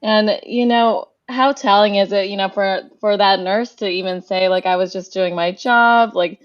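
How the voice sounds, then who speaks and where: A woman's voice: mid-range voice, fairly even intonation, normal speed, no room sound. Woman host on a dull, dry call. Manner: warmly responsive, with hesitant restarts. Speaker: interview host. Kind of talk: conversational interview. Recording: dry, slightly dull video-call audio.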